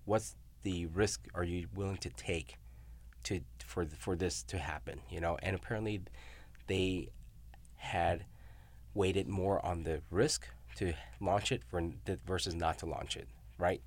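A middle-aged man, a professor, talking casually and telling stories with frequent tag questions like "you know?" and "right?". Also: sits low. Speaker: university researcher and professor. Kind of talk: casual academic discussion.

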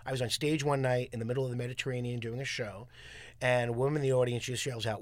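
Fast-talking man from Long Island. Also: medium pitch, no echo, studio quality. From Long Island, New York. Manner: animated anecdotes with acted-out quotes. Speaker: comedian guest. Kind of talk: casual interview storytelling.

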